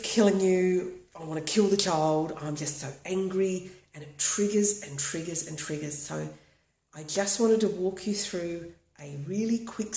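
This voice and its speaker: An earnest woman from Australia guides a tapping session, repeating simple affirmations as she goes. Her voice sits a little low. The room around her is echoey. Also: warm tone. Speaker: tapping practitioner.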